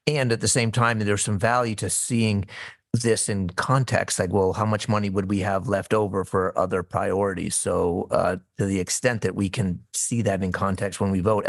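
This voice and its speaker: A man's voice: sits low, no echo, clean studio sound. A board member, a man, thinking aloud conversationally during a public work session. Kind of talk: public meeting discussion. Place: board meeting room.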